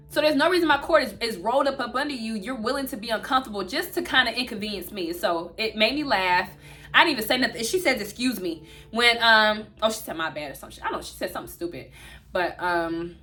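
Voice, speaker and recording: A woman, telling a storytime vlog straight to her viewers in an animated way. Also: fairly high pitch, a little fast, faint music behind. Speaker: vlogger.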